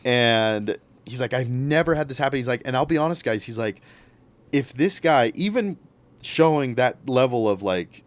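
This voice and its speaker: A young man appears as a podcast guest, casually telling a story in an animated way and acting out what other people said. His voice is mid-range and his speed normal.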